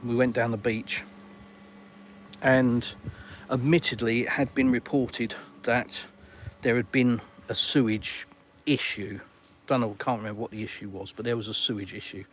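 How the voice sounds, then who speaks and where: A man's voice: lowish voice, a little hiss or hum. A middle-aged Englishman with an English accent, chatting casually on a live stream from beside his outdoor swimming pool and answering viewers with plenty of fillers and British slang. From England.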